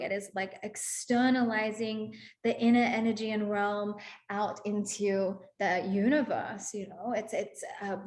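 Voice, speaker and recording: A woman guides a spiritual workshop in a soft, affirming manner, sprinkling her talk with casual fillers. Her pitch sits in an ordinary middle range. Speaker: workshop facilitator.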